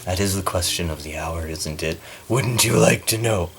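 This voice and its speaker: A man's voice: sits low, normal speed, vocal fry, slight background noise, voice pushed down. A man putting on the voice of a pompous, muscle-proud young male troll, lisping through fake teeth. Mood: boastful. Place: small bedroom corner.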